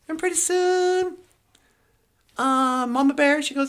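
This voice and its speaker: A woman's voice: high-pitched, moderate pace, creaky. A woman podcast co-host telling a fairy tale in a playful, rambling, casual way. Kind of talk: casual storytelling.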